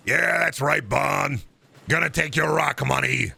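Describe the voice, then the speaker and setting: A male streamer puts on a gruff cartoon caveman voice, slow and threatening with heavy pauses, like a menacing stone-age mob boss. It's gravelly yet bright at the edge and a little high, heavily acted and recorded dry.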